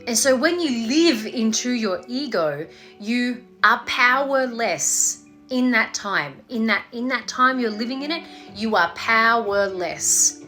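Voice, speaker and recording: A meditation teacher, a woman, talks casually and swears freely. She breaks into playful voices between her points. Her tone is bright and her pace is slow and easy, with faint music behind her. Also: fairly high pitch, expressive. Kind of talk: casual talk leading into guided meditation.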